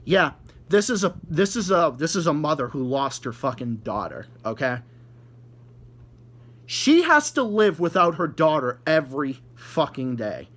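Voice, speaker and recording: A man delivers a heated rant straight to his audience, cursing constantly and tripping over repeated words. His voice sits a bit high for a man, and it turns biting and sarcastic when he jabs at people he disagrees with. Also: sing-song, measured pace, fairly bright tone. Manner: mocking, sarcastic. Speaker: vlogger ranting to viewers. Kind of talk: angry profane rant.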